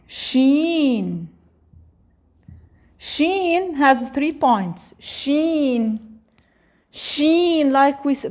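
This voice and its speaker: Woman, alphabet lesson, very slow and deliberate, high voice. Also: animated, a little mellow. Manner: repeats each letter slowly for the listener to echo. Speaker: Arabic teacher.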